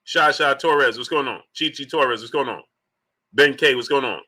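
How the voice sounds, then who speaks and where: On his live-streamed sports talk show, a man with a mid-range voice talks at a moderate speed. Animated and rhetorical, he hammers his arguments home through emphatic repetition and calls out chat viewers by name.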